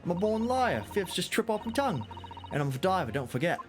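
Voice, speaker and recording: A man's voice: high voice, big pitch swings, brisk, over music, voice pushed up. A man voicing a prickly, defiant young woman thief who talks in a sulky, sarcastic way.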